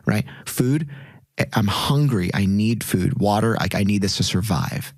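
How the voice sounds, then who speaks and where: Guy in his 30s on a podcast, kinda low voice, super dry close sound, earnest and rambly. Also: a little slow, no echo. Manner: earnest, reflective, many fillers and restarts. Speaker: guest. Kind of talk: casual interview talk.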